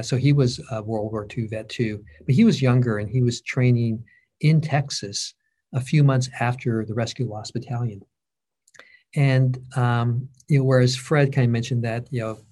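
Mellow, husky-voiced man interviewing. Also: medium pitch. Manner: thoughtful, halting, gets emotional. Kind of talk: conversational interview.

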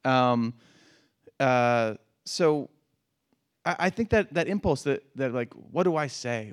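A middle-aged man talking in a conversational interview, halting and repeating words, with frequent laughs. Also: mid-range voice. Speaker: guest.

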